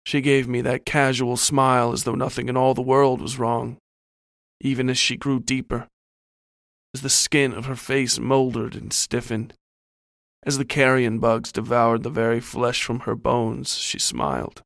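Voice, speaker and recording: Gravelly man narrating a horror tale. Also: mid-range voice, flat delivery, a little slow, a bit bright, dry recording, clean studio sound. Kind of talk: scripted horror story narration.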